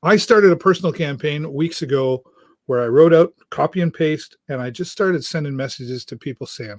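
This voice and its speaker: A man hosting his own show delivers an earnest, halting monologue straight to viewers and keeps restarting mid-sentence. His voice sits a little high for a man. The sound is dry and close, with almost no room in it. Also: darkish tone, no room sound. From Canada. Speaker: talk show host. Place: church.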